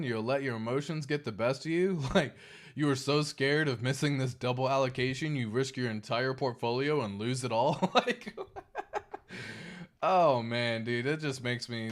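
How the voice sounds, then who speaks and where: Hosting a crypto livestream, a man with a medium-pitched voice talks casually and reads the chat. He's emphatic and animated, swearing freely and repeating points for emphasis.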